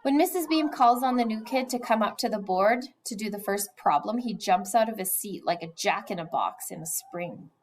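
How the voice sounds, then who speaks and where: A woman's voice: mid-range voice, moderate pace, few pauses, slight background noise, rough recording. A woman reading a children's novel aloud, telling it expressively and sometimes dropping to a whisper. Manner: expressive storytelling, drops to a whisper at times. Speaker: reader.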